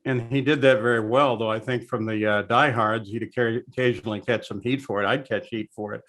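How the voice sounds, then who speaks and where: An older man, a veteran race broadcaster, telling lively anecdotes in a casual interview over a video call. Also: on the low side, fairly quick. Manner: storytelling, animated anecdotes.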